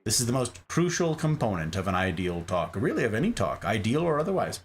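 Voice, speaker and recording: Male stream host, playful banter, animated pitch, light music bed underneath. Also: a little fast. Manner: playful, jokey asides to chatters. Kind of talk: casual chat reading live chat. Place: home desk.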